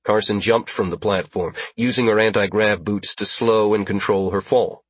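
A man narrating a science-fiction audiobook in a steady, even storytelling manner. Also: on the low side, moderate pace, slightly rough, no echo. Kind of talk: scripted narration.

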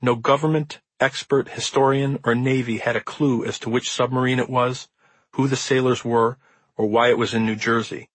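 A man reading the introduction to his own nonfiction book as an audiobook, in measured, earnest storytelling. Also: medium pitch, flat delivery, no room sound, poor audio. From Midwestern United States. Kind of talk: audiobook narration.

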